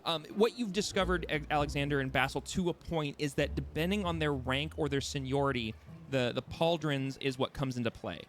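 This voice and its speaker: A man's voice: a little high, brisk. Hesitant man narrating as game master. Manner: hesitant, many ums and restarts, descriptive.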